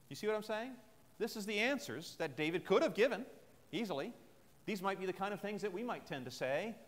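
A man's voice: sits high, lively intonation, a little fast, fairly bright tone. A man preaching a sermon at a military chapel service, retelling a scripture story in an earnest, conversational way. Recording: long chapel reverb.

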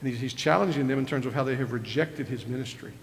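Older guy preaching, kinda gravelly, long church echo, faint hum behind. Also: mid-range voice, fast talker. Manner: conversational preaching, retells scripture with rising emphasis. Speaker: pastor. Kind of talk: sermon. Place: church sanctuary. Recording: reverberant church hall with faint ambience.

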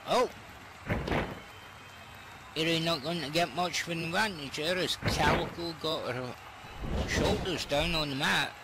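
Excitable guy calling a wrestling match, kinda high voice, noise behind him. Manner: excitable, rambling. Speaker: wrestling commentator. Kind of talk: play-by-play commentary.

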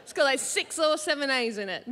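A woman with an Australian accent performing stand-up comedy in a theatre, animated and jumping up into high exclamations. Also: fairly quick. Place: large theatre stage with live audience. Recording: reverberant theatre, faint background noise.

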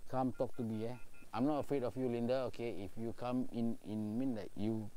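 Singaporean man, mellow low-key voice, hushed and nervy night ghost-hunt vlog, outdoors in a park. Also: steady tone, fairly quick, rough recording. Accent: Singaporean English. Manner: hushed, uneasy, calling out to a spirit. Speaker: paranormal investigator vlogger.

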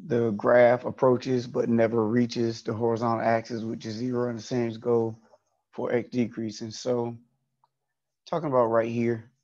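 A man's voice: medium pitch, completely flat delivery, normal speed, a little mellow, dull audio. A man teaching an online statistics class, explaining step by step and repeating key points.

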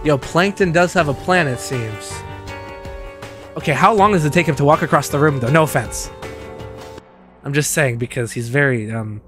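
A young man in his twenties, commentating a game playthrough, loud, excitable and swearing a lot. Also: fairly high pitch, moderate pace, long pauses, over music. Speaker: gaming streamer. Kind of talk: let's play commentary.

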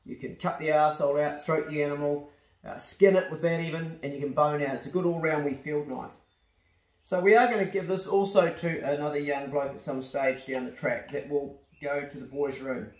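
A man with a New Zealand accent talks casually and bluntly, swearing freely as he reads his fan mail. His voice sits a little high for a man. The small room around him gives it a noticeable echo. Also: fairly even intonation, a little fast. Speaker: YouTuber opening fan mail. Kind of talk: casual chat. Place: house truck on a rainy day.

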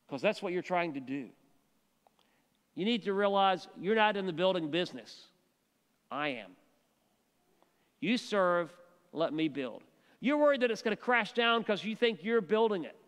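A man voicing God as a calm, patient figure who gently questions and reassures a worried pastor. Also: high-pitched, in a large hall.

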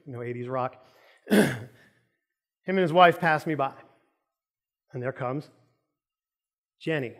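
A man's voice: on the high side, slow, long pauses, a bit bright. A man preaching a sermon in a church, telling a joking story with lots of energy. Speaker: pastor. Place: church auditorium.

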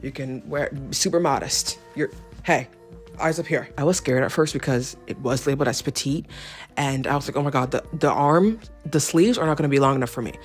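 A woman's voice: extremely low pitch, brisk, soft background music. A young woman hosting a casual clothing haul vlog at home, playful and self-mocking, chatting straight to the viewer with theatrical asides. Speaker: fashion vlogger.

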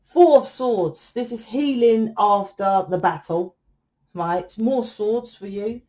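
A woman's voice: mid-range voice, takes it slowly, darkish tone. A woman giving a casual tarot reading to camera. She talks bluntly, swears freely and keeps tagging her points with "right?". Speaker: tarot reader.

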